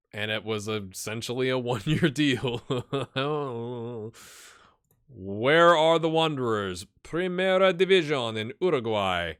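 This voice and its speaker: A chatty man walks viewers through a sports management game, thinking out loud and tossing in rhetorical questions. His voice sits at an ordinary middle pitch. The recording is dry and close, with little sense of the room. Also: no echo. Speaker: gaming channel host. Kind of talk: casual game commentary.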